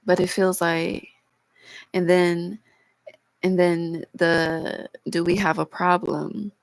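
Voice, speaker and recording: A woman's voice: lowish voice, flat delivery, slow pace, dry recording, rough recording. A woman giving a casual tarot reading to her viewers, emotional and holding back tears, her voice cracking, swearing freely as she talks. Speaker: tarot reader.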